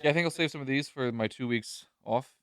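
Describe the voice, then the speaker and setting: A man hosts a podcast in loose, jokey chat and rambles from one thought to the next. His voice is smooth and clear, at an ordinary pitch. The sound is dry and close to the mic. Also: fairly bright tone, no echo. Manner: rambling, jokey, quick to laugh. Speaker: podcast host.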